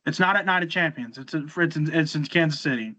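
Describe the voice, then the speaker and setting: A man's voice: on the high side, fast talker, sharp tone. A man hosting a casual podcast, retelling events in a rambling way with many restarts and repeated words. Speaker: podcast host. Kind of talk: casual podcast chat recapping wrestling shows. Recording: slightly dull lo-fi recording.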